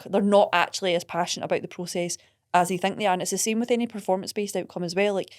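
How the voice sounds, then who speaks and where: A woman, a coach talking in a casual podcast chat, quick, earnest and emphatic. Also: mid-range voice, a little mellow.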